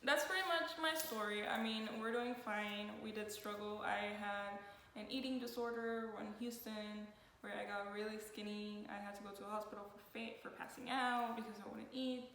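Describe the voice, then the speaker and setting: A woman's voice: mid-range voice, steady tone, moderate pace, hardly any pauses, fairly bright tone. A young woman chatting candidly and openly on a casual vlog. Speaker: vlogger. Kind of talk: casual chat. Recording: echoey room with long reverb and faint hiss.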